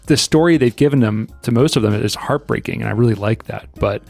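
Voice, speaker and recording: A man's voice: medium pitch, fairly quick, vocal fry, darkish tone, no room sound, faint music behind. A man hosting a podcast in casual chat, rambling with many restarts and frequent laughs. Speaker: podcast host.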